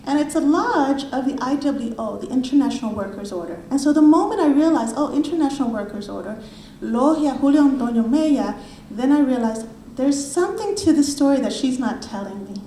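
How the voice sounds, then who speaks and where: High-voiced woman, mellow tone, book talk, lively storytelling, echoey library room. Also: brisk, a little hiss or hum. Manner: storytelling, animated, acts out quoted voices. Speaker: author presenting her book. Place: university library event room.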